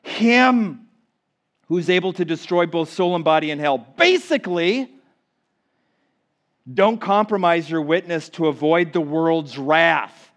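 High-voiced pastor preaching with sweeping dynamics. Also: male voice, lively intonation, slow pace. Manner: dynamic preaching, swinging from loud to hushed. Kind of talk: sermon. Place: church sanctuary.

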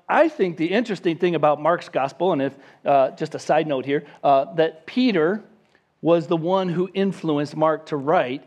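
A man preaching a sermon as pastor, lively, acting out quoted voices. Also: a little high, lo-fi sound. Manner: animated, acts out the disciples' voices.

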